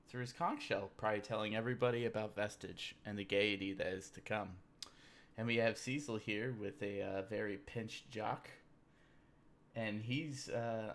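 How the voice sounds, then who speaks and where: A man hosting a casual livestream, rambling and joking about memes while drinking beer. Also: fairly low pitch. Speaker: livestream host. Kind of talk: casual livestream meme commentary.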